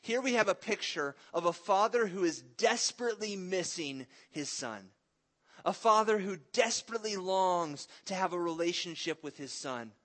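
A man's voice: high voice, moderate pace, fairly bright tone. A man in his thirties preaching a sermon in an earnest, conversational way, mixing in stories about his family. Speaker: pastor.

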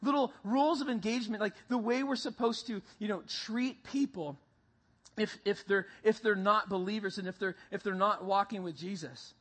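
Husky-voiced preacher, emphatic and repetitive. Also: mid-range voice, moderate pace, fairly bright tone. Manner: emphatic, repeats key lines, addresses audience as guys. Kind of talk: sermon.

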